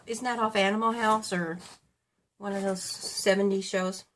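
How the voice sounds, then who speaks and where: Slight background noise runs under a fairly bright, medium-pitched female voice with fairly even intonation and a moderate pace. In her fifties, this beauty vlogger chats casually while getting ready at home, rambling and correcting herself.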